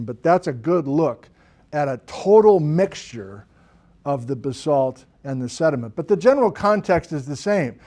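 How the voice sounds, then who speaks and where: A man giving a university geology lecture in a classroom, talking in an animated, enthusiastic way and getting loud at times. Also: a little high.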